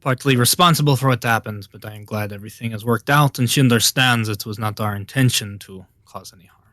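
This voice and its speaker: A male player voicing a polite, diplomatic vampire in a live-streamed tabletop game, speaking in a slightly halting way. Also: mid-range voice, fairly bright tone, dry recording, lightly acted. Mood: courteous.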